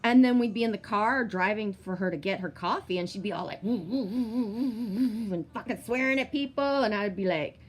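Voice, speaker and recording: A woman's voice: mid-range voice, brisk, hardly any pauses. A woman in her thirties telling a long personal story in a chatty vlog, swearing freely and using many fillers. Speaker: vlogger. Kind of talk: casual storytelling monologue.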